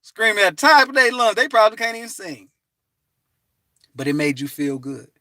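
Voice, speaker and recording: A man giving an animated, preachy motivational talk from his parked car, breaking into bits of song and laughter. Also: high voice, moderate pace, no echo. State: hot and restless. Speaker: vlogger.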